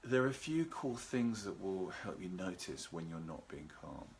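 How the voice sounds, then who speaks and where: Male host for a relaxation talk, low and calm, leisurely delivery. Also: a little hiss or hum. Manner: calm, unhurried, greets live viewers by name. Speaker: seminar host. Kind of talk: live video talk on relaxation. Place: at home with a garden behind.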